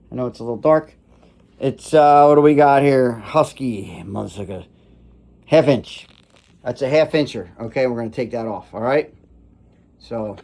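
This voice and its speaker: A man filming a casual unboxing vlog after a night of drinking, rambling between loud exclamations and low muttering. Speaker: vlogger.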